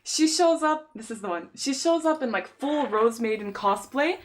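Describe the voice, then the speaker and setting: A young woman live-streamer, chatty and quick to laugh, spins stories and acts out what other people said. Her voice sits a little high. She talks in a relaxed, casual way. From San Diego, USA. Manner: chatty storytelling, laughs often, lively quoted dialogue. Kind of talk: casual chat.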